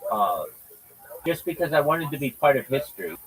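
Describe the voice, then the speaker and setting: A man's voice: mid-range voice, sing-song, moderate pace, breathy edge, low-quality recording. A man hosting a livestream in casual chat, swearing and using slang as he rambles. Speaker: livestream host.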